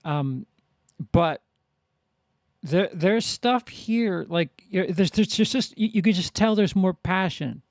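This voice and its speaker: A man giving a casual spoken film review, halting and full of restarts. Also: sits high, no echo, studio quality. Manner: halting, many restarts and fillers.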